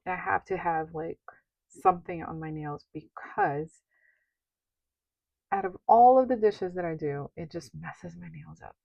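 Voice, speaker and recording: A woman's voice: fairly low pitch, a little slow, vocal fry, darkish tone, dry recording, highs cut off. A young woman chatting casually while she sorts cash into budget envelopes, rambling with lots of fillers. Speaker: budgeting vlogger. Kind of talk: casual cash-stuffing commentary.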